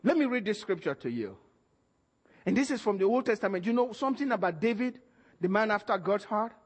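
A man preaching a sermon, calling out to the congregation and shouting at the peaks while acting out the voices he quotes. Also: high-pitched, big pitch swings, brisk. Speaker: pastor. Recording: church hall reverb.

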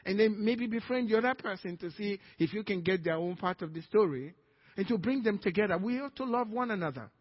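Male pastor, Nigerian accent, husky, lifts his voice high as he preaches; muffled lo-fi church recording. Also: fairly quick, in a large hall. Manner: animated preaching, acting out quoted dialogue. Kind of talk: sermon. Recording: dull lo-fi sermon recording.

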